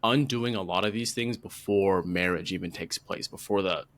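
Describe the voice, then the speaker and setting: A man's voice: sits low, moderate pace, fairly bright tone. A man co-hosting a podcast, chatting in an enthusiastic, conversational way. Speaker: podcast co-host. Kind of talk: casual podcast chat.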